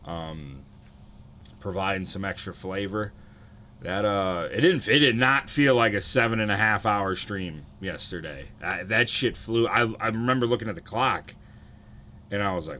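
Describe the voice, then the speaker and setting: Laid-back streamer man, bright tone. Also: lowish voice, slight background noise. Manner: laid-back, rambling, swears often, greets chatters. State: slightly hungover, sluggish. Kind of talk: casual live-stream chat.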